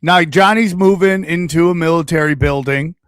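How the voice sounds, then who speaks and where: A man's voice: a little high, normal speed, clean tone, dry recording, studio quality. A man hosting a casual comedy podcast, joking and riffing and slipping into goofy put-on voices. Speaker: podcast host.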